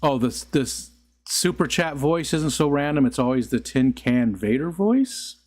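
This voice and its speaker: Streamer, middle-aged man, rambly and laughing, fairly high, bouncy voice. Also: lively intonation, measured pace, darkish tone. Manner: rambling, chuckling, talks to chat. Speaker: livestream host. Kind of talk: casual live-stream chat.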